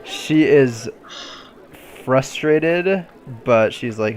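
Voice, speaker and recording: A man running a tabletop role-playing game as game master over a voice call, relaxed and chuckling often. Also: medium pitch, a little slow, slight background noise.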